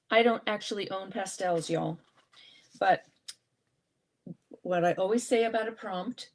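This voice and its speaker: A woman leads a relaxed live art journaling session. She chats and thinks aloud as she pulls supplies and prompt cards. Her pitch sits in an ordinary middle range, and her delivery is casual and unscripted. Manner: chatty, thinking aloud while working. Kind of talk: casual live craft demonstration.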